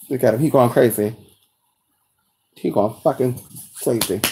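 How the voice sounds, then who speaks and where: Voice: medium pitch, measured pace, pauses often, background noise. A host chatting casually at home with viewers, calling everyone "honey" and talking to their dog between remarks. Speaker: live-stream host.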